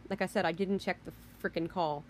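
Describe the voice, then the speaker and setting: Heated ranting woman, low-pitched voice. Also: steady tone, fairly quick, a little hiss or hum. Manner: indignant, heated, swears mildly, restarts often. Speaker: podcast host. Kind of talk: casual rant.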